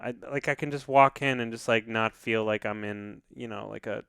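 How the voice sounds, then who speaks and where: A man's voice: on the low side, fairly even intonation, normal speed, creaky, a bit bright, clear, resonant tone, no echo, clean studio sound. A man co-hosting a podcast in casual chat, rambling and jokey, with plenty of swearing. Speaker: podcast co-host.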